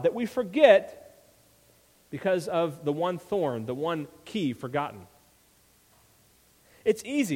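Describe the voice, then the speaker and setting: A pastor preaching in a church sanctuary, his voice a touch high for a man. He builds emphasis through repeated rhetorical questions, and each phrase trails into a long hall reverb. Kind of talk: sermon.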